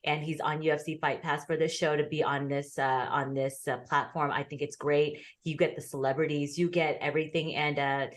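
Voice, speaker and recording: A woman's voice: sits low, little pitch movement, a little fast, hardly any pauses. A woman co-hosting a boxing talk show, chatting casually and telling stories with frequent laughter. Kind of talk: casual chat.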